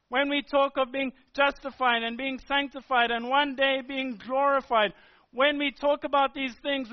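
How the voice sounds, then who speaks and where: Man, very high voice, sermon, emphatic repetitive preaching, dull lo-fi recording.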